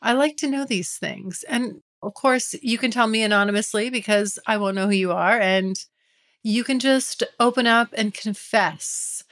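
A woman's voice: a little high, normal speed, fairly bright tone. A woman hosting a podcast, talking candidly and casually, often laughing and addressing her listeners directly. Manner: chatty, giggly, confessional, addresses listeners directly. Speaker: podcast host.

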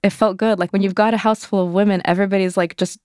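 A woman's voice: medium pitch, fairly even intonation, fast, darkish tone, smooth, no room sound, clean studio sound. A young adult woman telling her personal story as an interview guest, candid and conversational, full of fillers. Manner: conversational, many fillers, acts out quoted voices.

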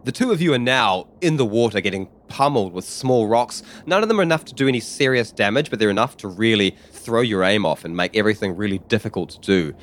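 A man narrating a tabletop game as game master, vivid and halting with restarts. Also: fairly low pitch, animated, a bit bright.

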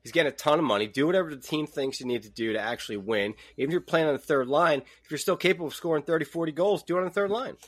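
A man's voice: on the high side, racing, hardly any pauses. A man co-hosting a podcast, giving his opinions on hockey in a casual chat. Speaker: podcast co-host.

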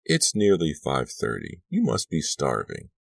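A man voicing a frail, elderly grandmother in an audiobook, speaking softly and coaxingly. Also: extremely low pitch, huge pitch swings, a little slow, creaky, dry recording, heavily acted. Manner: soft, coaxing. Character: frail elderly grandmother, gentle but evasive. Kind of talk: audiobook character voice.

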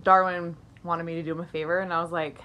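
A woman's voice: fairly low pitch, flat delivery, fast, pushed and bright. A young woman co-hosting a casual chat podcast, telling profane stories and quoting others, laughing often. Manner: profane, storytelling with quoted voices, laughing often. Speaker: podcast co-host.

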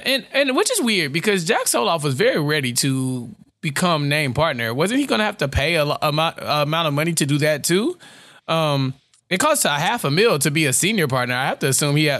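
A man co-hosting a podcast in casual recap chat, animated, often acting out characters' lines. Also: fairly high pitch, dry recording, clean studio sound. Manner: animated, acts out characters' lines in quick bursts. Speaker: podcast co-host.

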